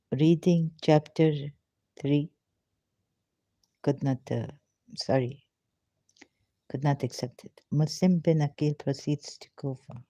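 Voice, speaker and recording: A woman's voice: low voice, mellow, no echo. A woman reading a religious text aloud and breaking off with emotional, pleading rhetorical questions. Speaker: ex-Muslim commentator. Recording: dull, lo-fi, dry sound.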